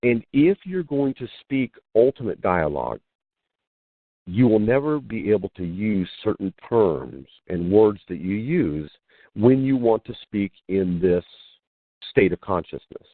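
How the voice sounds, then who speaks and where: A man's voice: fairly low pitch, a little slow, no echo. A man, a guest on a call-in radio show, telling stories and acting out the dialogue in them. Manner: animated storyteller, acts out quoted dialogue. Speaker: interview guest, spiritual teacher. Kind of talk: storytelling in a call-in radio interview. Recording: phone line, dry.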